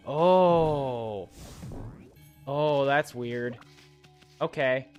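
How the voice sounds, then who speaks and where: A man's voice: on the high side, animated, normal speed, fairly bright tone, soft background music. A man streaming a video game, chatting playfully, talking to enemies and to his chat. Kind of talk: casual gameplay commentary.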